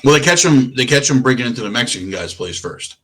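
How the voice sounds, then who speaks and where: A man's voice: mid-range voice, expressive, fast, fairly bright tone. A man co-hosting a podcast, chatting casually about a movie, enthusiastic, laughing often and swearing casually. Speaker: podcast co-host. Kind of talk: casual movie review chat.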